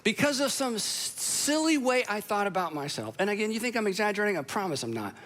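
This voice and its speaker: Bright-voiced pastor telling stories. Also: male voice, sits high, sing-song, fast talker. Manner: conversational storytelling with self-deprecating humor. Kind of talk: sermon to a live audience.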